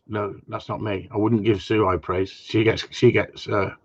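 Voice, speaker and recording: Fielding questions from viewers in a laid-back Q and A, this man who trains gundogs talks bluntly and wanders off track, dropping the odd swear word. His voice sits lowish and flat with a breathy edge, moving at a moderate pace, and the recording sounds dull and lo-fi.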